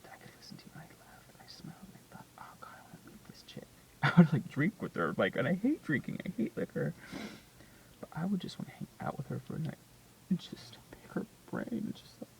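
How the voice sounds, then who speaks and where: A vlogger telling a painful personal story in a confessional way, often dropping to a hush and then swinging loud. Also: mid-range voice, sing-song, fairly quick, vocal fry, rough recording. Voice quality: hushed, often whispered delivery. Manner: emotional, swings from hushed to loud.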